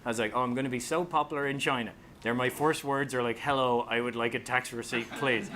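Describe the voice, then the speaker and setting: A man's voice: quick pace, a little hiss or hum. A man with an Irish accent giving a funny talk on public speaking, telling stories and acting out voices. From Ireland. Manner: joking, storytelling, acts out voices and rises high when excited. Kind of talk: comic presentation to an audience.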